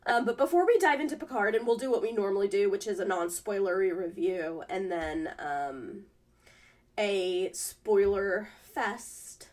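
A woman co-hosting a podcast in casual chat, sounding nasal from a cold and talking in animated bursts with fillers. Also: medium pitch, unhurried. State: sick and nasal. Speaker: podcast co-host.

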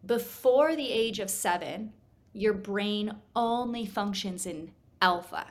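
A woman hypnotherapist, a guest on a studio podcast, explaining her work in an animated, teaching manner, swinging her loudness up and down to make points. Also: mid-range voice, slow. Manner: animated, explanatory, shifts volume to demonstrate.

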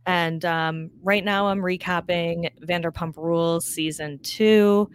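A woman's voice: on the low side, steady tone, slow pace, slight background noise. A woman guesting on a podcast, chatting in an upbeat, casual way with lots of "like". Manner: chatty, upbeat, uses many fillers like "like". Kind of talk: casual chat.

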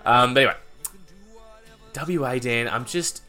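A young man with an Australian accent, co-hosting a casual podcast chat, animated and swearing freely as he banters. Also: mid-range voice, unhurried, soft background music. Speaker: podcast co-host.

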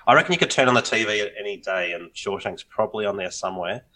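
A man's voice: fairly low pitch, quick pace, bright, forceful tone, rough recording. A man, co-hosting a podcast in casual chat, upbeat and teasing. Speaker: podcast co-host.

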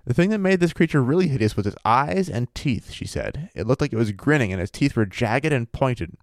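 Animated and fairly quick, a man's mid-range voice comes through clean studio sound with no room echo. As a podcast co-host, he reads a paranormal story aloud and jokes casually, his manner easygoing, profane, and full of laughter.

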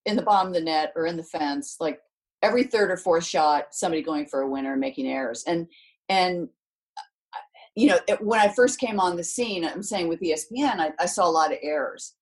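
Animated woman telling stories. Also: on the low side, brisk, rough recording. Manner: animated storytelling, acts out quotes in other voices. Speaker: guest, former tennis champion and commentator. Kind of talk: casual interview talk.

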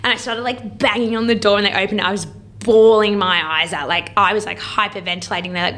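A woman, telling a story in casual podcast chat, animated and swearing freely, acting out quotes in a higher voice. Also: fast. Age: late 20s.

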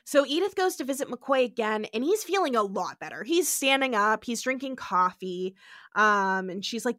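Recapping an episode as a podcast co-host, a young woman talks in a chatty, animated way, packed with "like" fillers, and jumps into voices. She sounds on the high side at normal speed, with no room sound.

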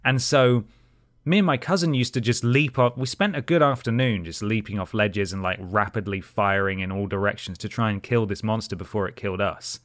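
A man's voice: lowish voice, fairly quick, fairly bright tone, no room sound, studio quality. A man co-hosting a podcast, telling stories in casual chat with some rambling and hesitation. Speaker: podcast co-host.

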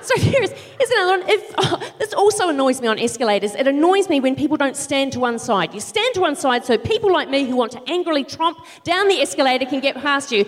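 A middle-aged woman doing live stand-up comedy, ranting in exasperation with sudden shouted outbursts. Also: high voice, very animated, fast talker, few pauses. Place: large theatre stage. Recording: live theatre with long reverb.

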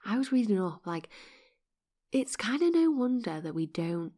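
A woman who hosts a podcast and teaches meditation, talking in a chatty, upbeat way with soft, breathy asides. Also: medium pitch, sing-song, moderate pace. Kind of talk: casual chat.

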